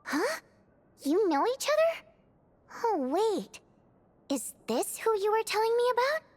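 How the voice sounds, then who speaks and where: A woman's voice: very high voice, a little slow, exaggerated voice. An actress playing a chatty, teasing young woman lead singer in a game. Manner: lively, teasing. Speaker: game character.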